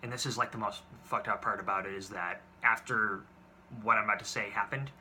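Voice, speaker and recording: A man's voice: fairly low pitch, steady tone, fairly quick, pushed and bright, slight background noise. A man in his twenties telling date stories to camera in a casual, exasperated and profane way, rambling with restarts. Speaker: vlogger.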